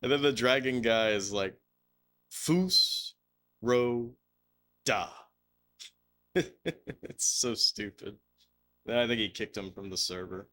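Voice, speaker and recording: A man's voice: lowish voice, moderate pace, bright, forceful tone. A man streaming a game live, chatting loosely, swearing and laughing as he rambles through stories. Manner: rambling, laughing, swearing, slips into silly put-on voices. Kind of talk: casual live-stream chat over gameplay.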